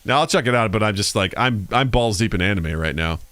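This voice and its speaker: A man co-hosting a casual podcast chat, swearing and acting out quoted voices with big pitch jumps. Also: lively intonation, fast talker, a bit bright, dry recording. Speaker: podcast co-host. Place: studio, live stream.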